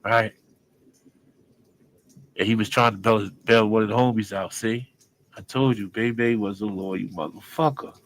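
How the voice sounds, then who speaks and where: A man's voice: fairly low pitch, steady tone, measured pace, pauses often, low-quality recording. A man telling a street story in casual, profane slang as a guest on an interview show. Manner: profane, street slang, acts out the other people in his story.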